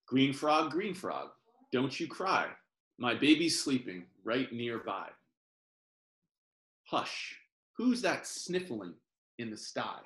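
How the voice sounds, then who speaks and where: A man reading a children's picture book aloud in a gentle sing-song, pausing to explain words over a video call. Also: mid-range voice, very animated. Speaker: professor reading picture books to families. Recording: roomy echo.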